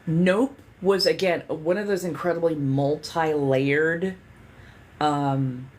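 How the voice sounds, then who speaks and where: A woman's voice: low-pitched, steady tone, slow pace, darkish tone, slight background noise. A woman hosting a livestream in casual chat. She rambles candidly, swears freely and leans on lots of fillers. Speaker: livestream host.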